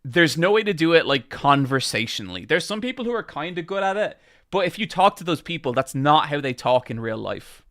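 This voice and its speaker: A man's voice: a little high, big pitch swings, a little fast, a bit bright, no room sound, clean studio sound. A man with an Irish accent chatting on a live stream into a microphone. He projects his voice and rambles with many fillers. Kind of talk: casual chat on a live stream.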